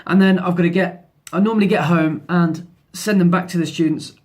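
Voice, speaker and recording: Out by the sea and later in town, a thirty-something man with a fairly high voice chats briskly to camera about his photography. His casual vlog talk is cheerful and slightly meandering, full of restarted sentences.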